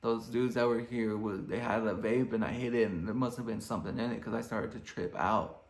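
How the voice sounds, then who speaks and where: Laid-back young man with a gravelly voice. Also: on the low side, steady tone, fairly quick. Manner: laid-back, rambling, lots of fillers. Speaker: vlogger. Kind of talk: casual storytelling. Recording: echoey room.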